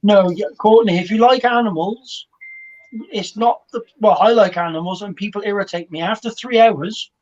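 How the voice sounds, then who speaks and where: A man's voice: sits high, normal speed, darkish tone. A man chatting casually on a video call, with dry, joking asides. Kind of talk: casual group chat. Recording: dull lo-fi video call audio.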